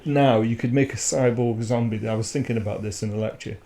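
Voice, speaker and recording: Mellow-voiced West Country young man. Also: mid-range voice, steady tone, a little fast, gravelly, a little hiss or hum. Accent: West Country English. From West Country of England. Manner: laughs often, explains with hesitations. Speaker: podcast co-host. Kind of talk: casual chat.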